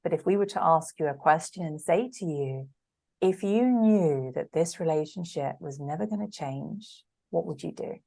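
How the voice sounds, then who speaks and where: A woman's voice: low voice, animated, moderate pace, creaky, mellow. A woman coach talking in a casual podcast interview, earnest and emphatic, repeating words for stress.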